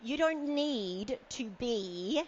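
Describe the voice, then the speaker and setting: A woman's voice: fairly high pitch, lively intonation, drawn-out words, lo-fi sound, slight background noise. A woman giving a conference keynote on stage, playful and self-mocking, teasing the audience. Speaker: keynote speaker. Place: event stage with a podium.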